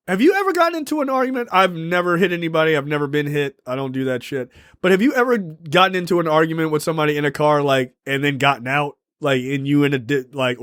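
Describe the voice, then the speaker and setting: A young man co-hosting a casual film review podcast, animated and quick to laugh as he acts out scenes. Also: a little high, clean tone, no echo, clean studio sound. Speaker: podcast co-host.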